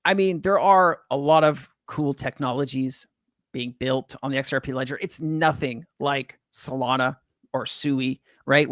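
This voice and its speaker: A man's voice: medium pitch, a bit bright, dry recording. Chatty, rambling man on a dry mic. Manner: rambling, chatty, many fillers and restarts. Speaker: crypto livestream host. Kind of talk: casual livestream chat.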